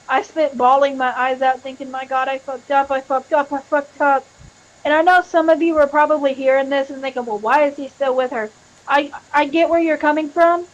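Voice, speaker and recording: Woman, high voice, candid, emotional, swears a lot, live stream, dull lo-fi audio. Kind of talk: confessional live-stream chat.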